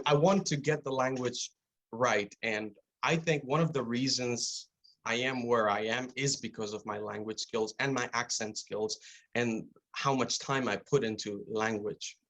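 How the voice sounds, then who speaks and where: A man's voice: medium pitch, a bit bright. A young man from Afghanistan, an actor answering interview questions over a video call, often restarting his sentences and filling with "you know". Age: young adult. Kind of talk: remote interview, casual conversation.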